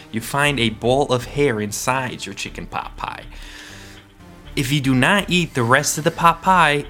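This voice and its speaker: A man's voice: medium pitch, fairly bright tone. Playful man co-hosting a podcast. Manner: playful, rambling, poses hypotheticals. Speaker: podcast co-host. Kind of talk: casual podcast banter.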